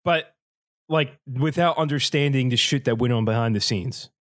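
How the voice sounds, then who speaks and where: A man hosting a podcast in a relaxed, casual chat. He rambles, circles back on himself with plenty of fillers, and swears freely. His voice sits at an everyday middle pitch. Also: normal speed. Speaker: podcast host presenting slides.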